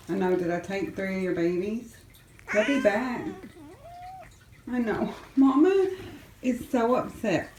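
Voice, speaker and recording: Slow-talking woman cooing over kittens. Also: mid-range voice, a little mellow, slight background noise, low-quality recording. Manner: chatty, coos and baby-talks to the kittens. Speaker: cat fosterer filming a vlog. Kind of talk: casual vlog chat. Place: foster room indoors. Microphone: handheld camera.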